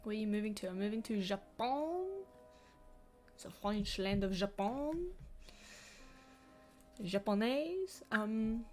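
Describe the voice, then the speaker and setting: A woman casually reading a novel aloud, with chatty asides between passages of unhurried narration. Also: medium pitch, animated, a little mellow, faint music behind. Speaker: reader.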